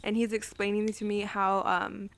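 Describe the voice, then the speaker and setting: A woman's voice: medium pitch, flat delivery, moderate pace, creaky. A young woman co-hosting a podcast, talking casually with swearing and filler words. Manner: casual, swears, repeats "like" and "blah, blah". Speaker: podcast co-host. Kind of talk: casual storytelling.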